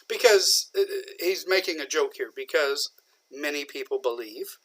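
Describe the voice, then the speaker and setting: A man from southern Indiana, patiently explaining an English idiom in a recorded lecture, with many pauses and fillers. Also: a little high, expressive, fairly bright tone. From southern Indiana, USA. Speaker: English teacher.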